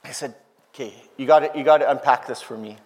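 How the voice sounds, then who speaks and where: A man's voice: mid-range voice, quick pace, darkish tone. A man telling an emotional story in a sermon, earnest and heartfelt, acting out the voices of the people he quotes. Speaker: preacher. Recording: long hall reverb.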